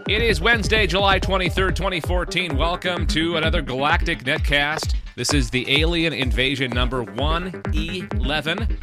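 A man hosting a casual podcast, hurried and a bit flustered. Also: on the high side, over music. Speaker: podcast host.

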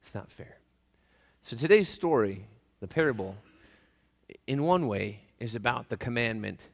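A man's voice: lowish voice, expressive, normal speed, vocal fry, fairly bright tone, in a large hall. A man preaching a casual, joking sermon to his church. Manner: folksy, joking, acts out voices. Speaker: pastor. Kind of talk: conversational sermon. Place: church sanctuary.

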